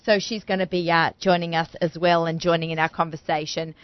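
A woman's voice: lowish voice, flat delivery, a little fast, no room sound, muffled recording. Chatty bubbly woman radio host. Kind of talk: casual radio talk show chat. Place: radio studio.

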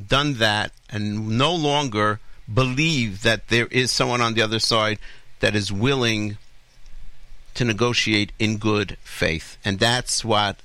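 A man hosts a talk radio program from a studio microphone, his voice bright and forward with a dry, close sound. He argues his points through rhetorical questions and winds through long explanations, breaking off to correct himself along the way. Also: fairly low pitch, steady tone, takes it slowly, no room sound. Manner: explains at length with asides and self-corrections. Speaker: radio show host. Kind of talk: opinionated radio commentary.

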